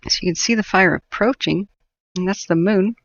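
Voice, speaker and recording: A woman's voice: fairly low pitch, normal speed, vocal fry, dull audio. A woman hosting a wildfire-tracking livestream, giving sardonic, rambling commentary and laughing often. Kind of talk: live stream commentary.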